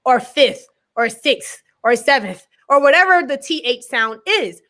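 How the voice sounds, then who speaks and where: A woman's voice: sits high, normal speed, hardly any pauses, a bit bright. A woman, a guest educator, explaining earnestly and laughing often in a live-stream discussion.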